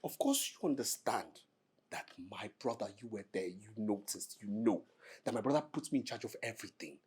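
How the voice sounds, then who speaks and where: Bossy Nigerian caretaker, husky, pompous, swinging pitch, faint score. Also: male voice, lively intonation, brisk. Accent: Nigerian English. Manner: bossy, shouting orders, pompous formal English. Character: bossy self-important male caretaker turned boss. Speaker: caretaker put in charge of the house. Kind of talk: film drama acting.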